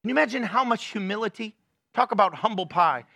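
A middle-aged man preaching a sermon, telling stories in an animated way and acting out the people in them. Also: high-pitched, fast talker. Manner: animated storytelling with playful acted-out quotes. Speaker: pastor.

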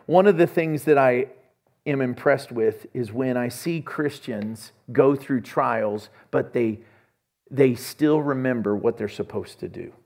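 A man's voice: medium pitch, a little slow, a little mellow. A man preaching a sermon as pastor, telling stories and acting out conversations. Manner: storytelling, acts out conversations.

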